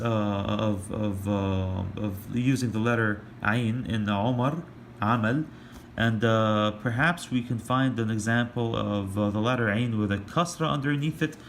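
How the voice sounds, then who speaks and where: A man in the middle of his natural pitch range gives a casual online lesson, pausing often with fillers and restarting sentences. He slows right down whenever he demonstrates a sound. A faint hum of room ambience sits behind him. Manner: hesitant, many fillers and restarts. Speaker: language teacher.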